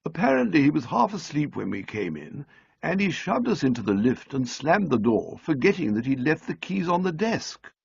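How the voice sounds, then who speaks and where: A man narrating an audiobook in a measured, dryly comic storytelling manner, on a close studio mic. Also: a little high, big pitch swings, vocal fry, husky, dry recording, muffled recording.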